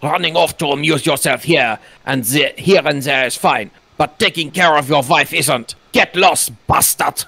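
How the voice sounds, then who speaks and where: A man voicing a cranky, hostile elderly Dutch neighbor in a mock German accent, scolding loudly during a game playthrough. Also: fairly high pitch, moderate pace, creaky, few pauses, exaggerated voice. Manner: scolding, loud. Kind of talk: let's play voice acting.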